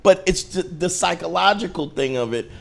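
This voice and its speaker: A man co-hosting a gaming comedy podcast, chatting casually with quick reactions and plenty of swearing. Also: high-pitched, lively intonation, vocal fry. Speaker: podcast co-host. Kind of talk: casual chat.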